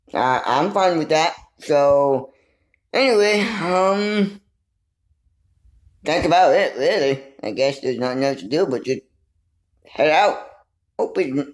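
A man with a medium-pitched voice vlogs casually inside a big store, holding his phone as he browses. He rambles and thinks aloud in this walk-and-talk vlog, captured in a dry, poor-quality recording.

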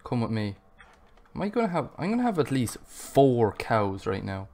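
A man's voice: medium pitch, sing-song, normal speed, a little mellow. A man giving let's play commentary, swearing constantly and venting frustrated outbursts at the game. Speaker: gamer.

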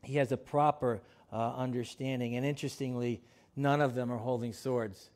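A man's voice: mid-range voice, fairly even intonation, normal speed, a little mellow. A male pastor preaching a sermon, reading scripture aloud and then explaining it in a plain, conversational way with frequent fillers and restarts. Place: church sanctuary.

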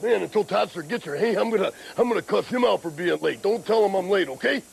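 Gravelly, high-pitched, slightly winded middle-aged male wrestling host, rambling, with faint hiss underneath. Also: expressive, fast, low-quality recording. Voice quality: gravelly, growling, keeps saying brother. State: a little out of breath. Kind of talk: rambling TV show chat.

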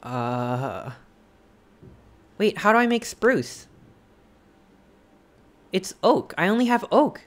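An excitable streamer talking through a live game session, asking themselves questions and breaking into gasps and exclamations. The pitch swings widely from low mutters to high squeals, while the overall delivery stays unhurried, with drawn-out pauses. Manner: excitable, gasping and exclaiming at discoveries; thinks aloud with hesitant questions and restarts. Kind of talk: casual live gameplay stream, chatting with viewers.

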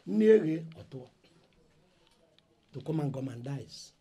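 An actor with a Nigerian accent playing an indignant eldest brother who loudly lectures his family about his inheritance rights. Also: on the high side, lively intonation, slow, creaky, slightly rough, full character voice. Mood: angry. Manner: loud, agitated, lecturing. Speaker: eldest son in a family dispute. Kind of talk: Nollywood film acting.

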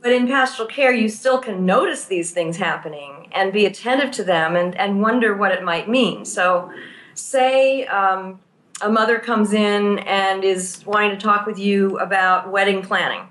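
A woman's voice: medium pitch, moderate pace, fairly bright tone. Thoughtful woman therapist, roomy sound. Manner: thoughtful, explains through worked examples. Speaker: therapist and teacher of pastoral care. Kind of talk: explanatory interview conversation.

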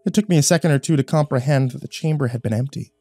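A man's voice: mid-range voice, rapid-fire, a little mellow, dry recording, soft background music. A man narrating a first-person horror story in a tense, dramatic reading.

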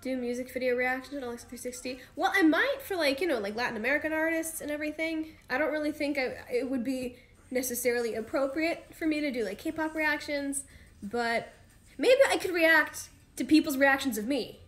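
High-voiced chatty woman streaming to fans. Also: a little fast, fairly bright tone, soft background music. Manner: chatty, rambling, slangy with frequent fillers. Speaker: idol livestream host. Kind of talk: casual livestream chat with fans.

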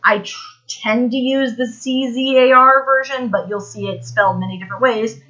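A woman's voice: fairly high pitch, steady tone, normal speed, sharp tone, dull audio. An American woman giving a casual, rambling history lesson on a live stream, full of fillers and restarts. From United States.

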